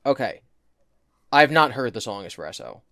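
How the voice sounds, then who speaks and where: A man's voice: medium pitch, very animated, normal speed, a bit bright, no echo. A man talking on a casual podcast, spinning out a long rambling rant and breaking into laughter at his own frustration. His voice sits in an ordinary middle range, recorded close and dry with no room sound. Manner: rambling, exasperated, laughing at himself. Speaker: podcast co-host. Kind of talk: casual chat.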